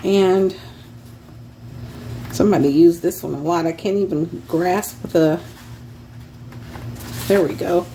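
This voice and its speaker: Woman, unhurried seller's chatter, light room hum behind, laughs between items. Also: lowish voice, vocal fry, warm tone. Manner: chatty, laughs often, reads titles aloud as she browses. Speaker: online craft seller. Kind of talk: casual show-and-tell sales vlog.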